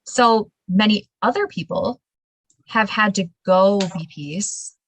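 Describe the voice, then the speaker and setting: A woman hosting a casual interview, telling stories in an animated, emphatic way and laughing now and then. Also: medium pitch, slow pace, no room sound, poor audio. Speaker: show host.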